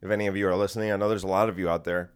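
A man's voice: low voice, flat delivery, racing, clear, resonant tone. Comedic male podcaster, rambling solo rant, direct to listener. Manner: rambling, combative, talking to the listener. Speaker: podcast host. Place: home room in a creaky chair.

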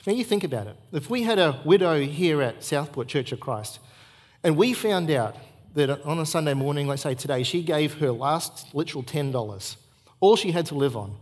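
A man's voice: fairly high pitch, husky. A middle-aged man, preaching a sermon at a church service and repeating key points for emphasis. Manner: earnest storytelling with emphatic repetition. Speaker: pastor.

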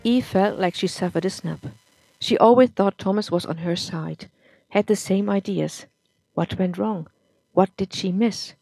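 A woman narrating a story in a measured, somber reading. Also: mid-range voice, gravelly, dark tone, breathy edge. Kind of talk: audiobook-style story reading.

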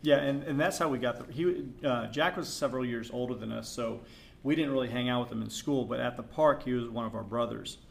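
A middle-aged man spins a story on a podcast in a casual, animated way. His voice is gravelly and sits at an ordinary pitch. He drops into hushed asides and then rises into loud outbursts. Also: a little fast, a little hiss or hum. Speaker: podcast co-host.

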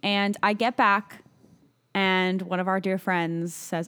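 A young woman co-hosting a podcast, telling a story in animated casual chat. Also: medium pitch, takes it slowly, clear, resonant tone. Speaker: podcast co-host.

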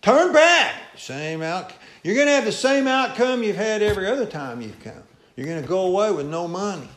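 A male pastor preaching a folksy sermon, swinging between loud calls and low asides. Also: expressive, fairly quick. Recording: echoey church room.

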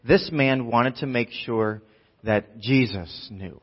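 A man preaching a sermon in an animated way, acting out voices and dropping quiet for emphasis. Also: medium pitch, slow pace, slightly rough, lo-fi sound. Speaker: pastor.

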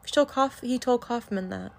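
Soft-spoken giggly woman gaming. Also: a little high, normal speed, vocal fry, heavy background noise. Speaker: let's play co-host. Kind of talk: casual gameplay chat.

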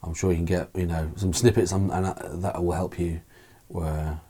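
Man, low mellow voice, podcast guest, thoughtful, meandering with fillers. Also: flat delivery, normal speed, breathy edge. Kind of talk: casual podcast chat.

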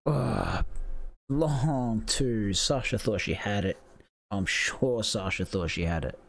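A man giving casual, excitable live commentary, swearing freely and gasping at the big moves. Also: fairly low pitch, slow pace, vocal fry. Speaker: watch-along commentator.

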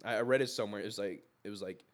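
A man's voice: fairly low pitch, rapid-fire. A man co-hosting a podcast, telling a story in a rambling way, with many fillers and a lot of swearing. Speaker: podcast co-host. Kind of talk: casual chat.

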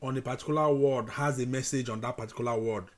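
A man's voice: mid-range voice, fairly even intonation, quick pace. A man hosts a casual radio chat, asking questions and slipping into pidgin. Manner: asks questions, slips into pidgin. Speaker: radio host.

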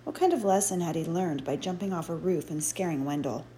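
A woman reading an audiobook chapter in measured, expressive storytelling narration. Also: fairly low pitch, slight background noise. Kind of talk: scripted narration.

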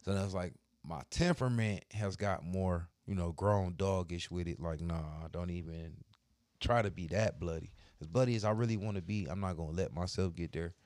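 A man with a fairly low voice tells crude stories in a blunt, profane, offhand way, getting heated as he retells his arguments. He works as a barber and co-hosts a casual podcast. The recording is dry, with no room sound. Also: normal speed, a little mellow, dry recording. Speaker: podcast co-host.

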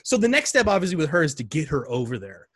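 A man telling a story in a casual chat, animated and full of fillers. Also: on the high side, fast, husky. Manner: animated, chatty, many fillers.

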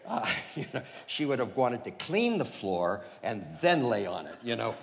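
A man preaching and telling his own conversion story, animated and chuckling, with lots of fillers. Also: medium pitch, normal speed, gravelly, in a large hall, slight background noise. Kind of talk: personal testimony storytelling.

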